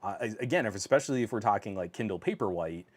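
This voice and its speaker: On the low side and animated, this man talks quickly as he hosts an easygoing tech livestream in his home office. Viewer comments get read aloud amid frequent laughs and heavy fillers, captured by a camera-mounted microphone.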